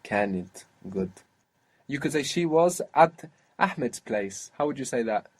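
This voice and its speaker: A man's voice: medium pitch, expressive, unhurried, slightly rough. A man teaching a language lesson, patiently modelling and repeating each phrase for his student.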